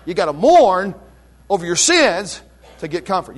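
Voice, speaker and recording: A preacher, a man with a high-pitched voice, delivering his sermon. He swings between quiet, slow, drawn-out phrases and sudden loud, rapid surges. He keeps calling back to the congregation. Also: sing-song. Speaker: pastor.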